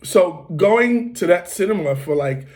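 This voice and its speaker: A man from the United States hosting, telling a relaxed, rambling story full of fillers and restarts, with occasional coughs. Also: sits high, measured pace. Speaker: host. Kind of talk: casual storytelling.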